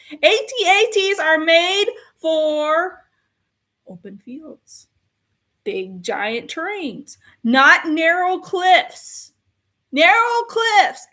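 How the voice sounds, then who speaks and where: A woman with a high voice rants through a film review, exasperated and given to repeating herself. She takes her time, drawing out each complaint in a slow, deliberate delivery. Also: bright, forceful tone.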